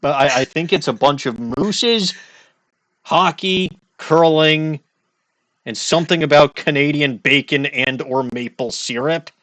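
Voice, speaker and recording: A Midwestern American let's play host gives casual commentary over a courtroom game, rambling, joking and interrupting himself. His voice is on the high side and a bit bright, at a measured pace. The recording is dry.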